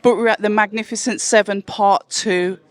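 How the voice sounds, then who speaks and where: Brummie host, high voice, teasing and playful, chatty interviewer. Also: male voice, fairly even intonation, moderate pace, smooth. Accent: Birmingham. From Birmingham, England. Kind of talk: casual chat. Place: press conference venue.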